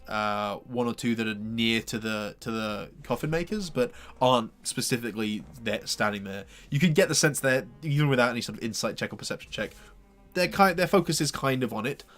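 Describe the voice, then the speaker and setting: A man's voice: mid-range voice, brisk, a bit bright. A man running a tabletop game as game master, narrating scenes in a rambling way with lots of restarts. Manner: rambling, full of fillers and restarts.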